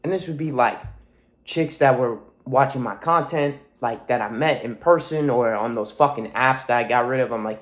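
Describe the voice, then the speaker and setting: A man's voice: medium pitch, moderate pace, fairly bright tone. A man in his twenties with a sore throat and stuffy nose, talking in a rambling, profane monologue to camera. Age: 20s. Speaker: vlogger.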